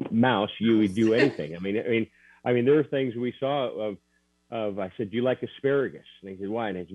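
Man, interview guest, earnest storyteller, halting restarts, lowish voice, thin phone line. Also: no room sound. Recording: tinny dry phone line.

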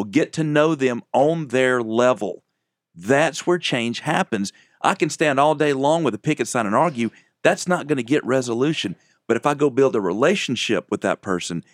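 A man's voice: medium pitch, no echo. Earnest man co-hosting Christian radio, dry sound. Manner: earnest, emphatic, repeats words when starting phrases. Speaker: radio co-host. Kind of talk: radio talk with a preaching tone.

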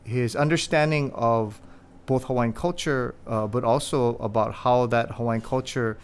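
A man hosting a podcast in Hawaii, introducing his guest in a casual, rambling way and acting out quotes with lively energy. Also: mid-range voice, measured pace, clean tone. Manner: rambling, animated retelling with acted-out quotes. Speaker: podcast host.

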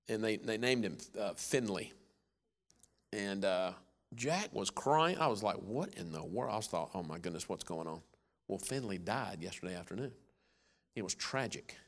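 A preacher in his forties with a drawl, delivering a sermon to a congregation. His voice sits at an ordinary middle pitch for a man. He pushes hard and loud on his points, then drops low and quiet to tell a story. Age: 40s. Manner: emphatic, swings between loud urgency and hushed storytelling.

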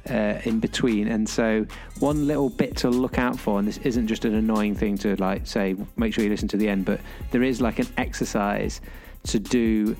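A man's voice: lowish voice, fairly even intonation, moderate pace, few pauses, darkish tone, soft background music. A man co-hosting a podcast, chatting casually and hesitantly with many fillers. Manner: hesitant, full of fillers, friendly. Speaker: podcast co-host.

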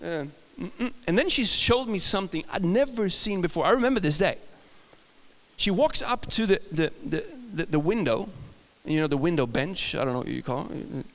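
This preacher from Sweden, speaking with a Swedish accent in a higher register, tells sermon stories with stumbles, frequent restarts, and laughter at himself. His intonation is lively and his speed normal, and a long reverb makes it sound like a large church hall.

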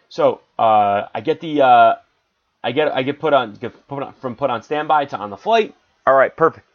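A man hosting a podcast, telling a travel story in a chatty, rambling, self-deprecating way with lots of asides. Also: medium pitch. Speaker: podcast host. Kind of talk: casual storytelling monologue. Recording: slightly dull lo-fi audio.

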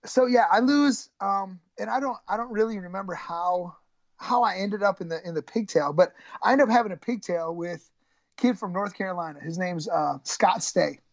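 As a guest in a relaxed storytelling interview, a middle-aged man who wrestled in college talks at a moderate pace in a high-sitting voice. He wanders and jokes at his own expense, restarting often amid fillers. The dry recording has its highs cut off.

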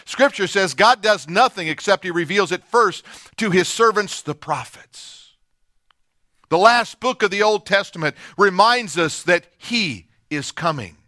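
A man preaching a sermon in a high, ringing voice. He moves between forceful declarations and soft, hushed passages. The sound is dry and close. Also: dry recording. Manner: preaching with dramatic swings from loud to hushed. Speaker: pastor.

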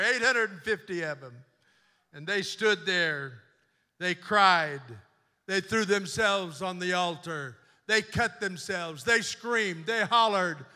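A man delivering a fervent sermon from the pulpit, his voice high and ringing with a sharp, bright edge. He drops low to tell the story, then climbs into loud exhortation. A long reverb trails each phrase through the sanctuary. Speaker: bishop preaching. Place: church sanctuary.

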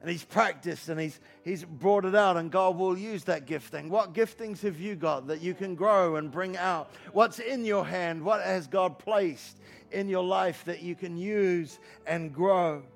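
A man in his fifties preaching a sermon in a church, energetic and joking, driving points home with repeated rhetorical questions. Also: sits high, measured pace, creaky, faint music behind. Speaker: pastor. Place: church hall.

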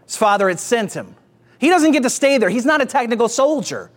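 A male pastor preaching a sermon, energetic and exclamatory, calling out to the congregation. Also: very high-pitched, fairly quick. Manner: energetic, exclamatory, call-and-response.

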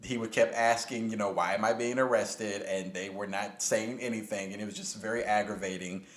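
A man hosting a casual podcast discussion in a relaxed way, often laughing. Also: on the low side, a little fast. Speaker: podcast host. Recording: echoey room.

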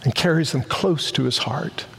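Husky-voiced preacher with booming emphasis. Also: male voice, moderate pace, fairly bright tone, big-room sound. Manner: emphatic, rising to stress key words. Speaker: pastor. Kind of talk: sermon.

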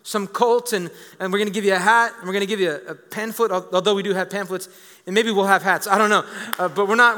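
A man in his thirties preaching a lively sermon as a pastor, joking with the congregation and repeating words as he builds a point. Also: high voice. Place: church. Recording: reverberant church hall.

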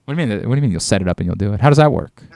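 A brash male sports radio host ribs his co-host in loose studio banter. His pitch rises and falls all over the place as he talks. The sound is close and dry. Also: animated, very fast, darkish tone, no echo. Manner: brash, teasing, swings from mock outrage to laughter. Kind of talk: casual sports radio chat. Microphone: studio microphone.

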